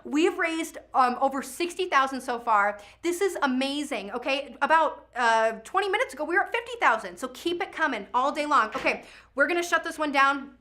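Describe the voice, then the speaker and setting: A woman hosting a live virtual charity auction from a studio, chatty and energetic, calling out bidders' names and pushing for the next bid. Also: sits high, a little fast.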